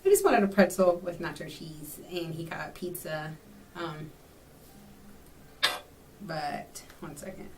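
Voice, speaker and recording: A woman's voice: deep voice, takes it slowly, long pauses, a little mellow, a little hiss or hum. Young woman from texas rambling through a story for her vlog, lots of ums, mic sits a little far away. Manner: chatty, rambling, with many fillers. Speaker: vlogger.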